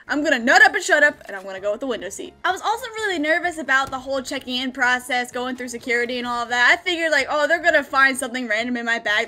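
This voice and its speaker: A high-voiced young woman in her twenties chats through a storytime vlog with lots of energy. Her tone is bright and crisp, and she slips in giggles and mock-dramatic voices as she tells it. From United States. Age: 20s. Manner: animated, laughing, acting out her own lines. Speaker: gaming YouTuber.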